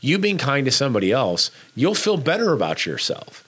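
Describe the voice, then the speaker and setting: A man's voice: medium pitch, wildly swooping pitch, fairly quick, a bit bright, slightly rough. A man co-hosting a casual chat, urging listeners to be kind, talking emphatically and bluntly with frequent restarts.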